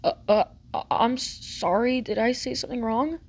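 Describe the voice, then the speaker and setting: A woman voicing a tall, shy teenage boy neighbor who speaks in a low, flat, hesitant and polite way. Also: measured pace, close to an everyday voice. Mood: flustered.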